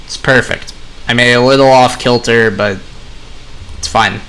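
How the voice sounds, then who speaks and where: Young man, bright clear voice, casual gaming commentary, rambling, talks straight to viewers. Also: mid-range voice, steady tone, normal speed. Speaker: gaming vlogger. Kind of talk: casual commentary while playing.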